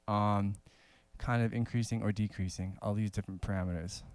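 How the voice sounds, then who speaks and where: A man giving a casual saxophone lesson, talking in a relaxed, conversational way with many fillers and small laughs. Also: on the low side, fairly quick, clear, resonant tone, no room sound. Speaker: saxophone teacher.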